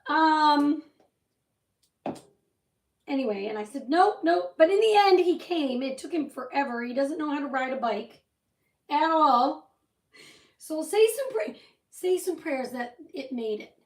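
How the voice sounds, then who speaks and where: Chatty high-voiced woman in an echoey room. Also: expressive, a little slow, pauses often, far from the mic. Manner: chatty, rambling storytelling with frequent asides. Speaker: craft livestream host. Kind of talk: casual chat while crafting. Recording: roomy echo, voice set back from the mic.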